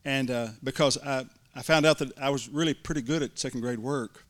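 A middle-aged man preaching, telling a folksy personal story from the pulpit with restarts and warm asides. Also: medium pitch, brisk. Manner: folksy, building to excited shouts. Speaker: pastor. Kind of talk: sermon storytelling.

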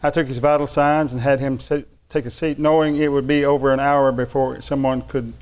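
A man preaches a sermon at a brisk pace, his mid-range voice smooth, a little mellow, and flat in delivery. He reads funny anecdotes aloud and laughs along, then turns earnest, alternating light storytelling with earnest preaching.

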